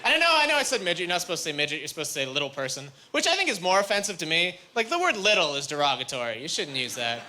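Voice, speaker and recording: On a comedy club stage, a Canadian man rambles through stories in a sing-song voice on the high side, talking very fast with hardly any pauses. He performs the voices of characters he quotes, while loud crowd noise and laughter fill the live recording.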